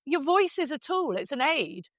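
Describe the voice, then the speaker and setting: A woman's voice: high-pitched, sing-song, normal speed, no room sound. A woman hosting a podcast interview, blunt and sweary, piling on emphatic praise in casual chat. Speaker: podcast host.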